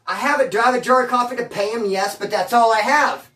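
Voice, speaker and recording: A man's voice: extremely high pitch, fast, bright, forceful tone, recorded from a distance. Man, ex-con storyteller, streetwise and slangy, recorded a bit off-mic in an echoey room. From California. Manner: slangy, streetwise, peppers talk with bro and dude. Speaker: former prisoner telling stories. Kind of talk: casual storytelling monologue.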